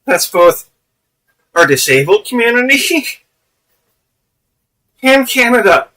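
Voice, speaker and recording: A man's voice: very high-pitched, big pitch swings, slow, sharp tone, distant mic, low-quality recording. A man giving casual, profane commentary on a live stream, laughing often.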